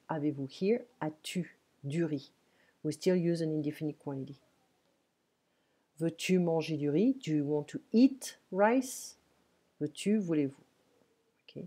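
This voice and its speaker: A woman teaching to English speakers, repeating phrases slowly and patiently. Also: sits low, a little mellow, slightly rough. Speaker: French teacher. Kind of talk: live online language lesson.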